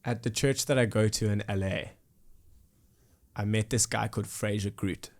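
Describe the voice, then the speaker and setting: A young South African man in his twenties speaks in an interview, earnest and reflective, often circling back with fillers and restarts. His voice sits a little low. He sounds sincere and unhurried as he works through his thoughts. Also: steady tone. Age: 20s. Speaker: musician guest. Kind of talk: casual interview conversation.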